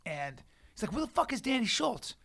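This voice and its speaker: A man co-hosting a podcast, telling a story with plenty of swearing and acting out every person in it. His voice sits high and bright. Casual comedic chat. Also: brisk, creaky. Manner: animated, profane storyteller who acts out the people in his stories. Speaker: podcast co-host.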